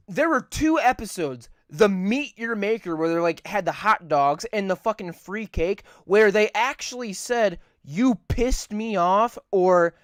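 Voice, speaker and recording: Podcast co-host, casual profane rant, animated up-and-down pitch, dry close sound. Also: no echo. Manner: rambling, profane, repeats points for emphasis. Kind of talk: casual chat.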